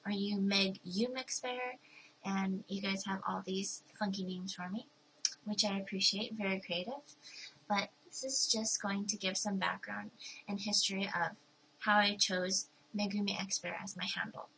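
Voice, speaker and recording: A bubbly young woman in her twenties talks straight to her viewers in a casual question-and-answer vlog. Her voice sits at an ordinary middle pitch. She is chatty and playful, and she puts on little voices for the people she quotes. A faint hiss runs under the recording. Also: fairly even intonation, moderate pace, sharp tone, poor audio. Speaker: vlogger. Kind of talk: casual talking-to-camera Q&A.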